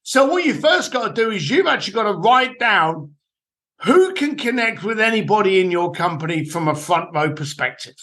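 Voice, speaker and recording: A man, a guest on a podcast, giving blunt, animated business advice with casual swearing. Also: sits high, normal speed. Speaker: guest, entrepreneur and author. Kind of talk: podcast interview, storytelling advice.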